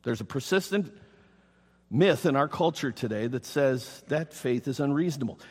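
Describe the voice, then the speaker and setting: A man's voice: medium pitch, lively intonation, normal speed, breathy edge. A man preaching a sermon as pastor to his congregation, reading scripture aloud and speaking directly to the people. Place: church. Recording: reverberant hall.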